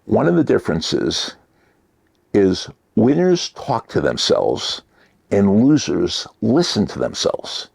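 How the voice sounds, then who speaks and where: A man giving a motivational talk, shifting between loud emphasis and near-whispered asides. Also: on the low side, sing-song, slow, creaky, breathy edge. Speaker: motivational speaker.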